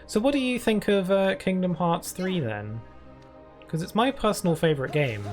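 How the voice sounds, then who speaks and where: A man's voice: high-pitched, lively intonation, normal speed, faint music behind. A British man streaming a video game, chatting and rambling through casual commentary with frequent giggles.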